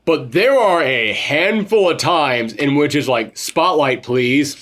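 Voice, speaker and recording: A man co-hosting a casual film review chat, animated, swearing freely and mimicking characters as he goes. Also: on the high side, measured pace, slight background noise. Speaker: podcast co-host reviewing a film.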